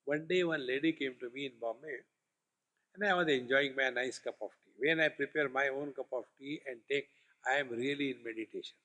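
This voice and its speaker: A man's voice: medium pitch, fairly bright tone. A man giving a spiritual discourse as a swami, emphatic and repetitive, with humorous stories. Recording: long hall reverb.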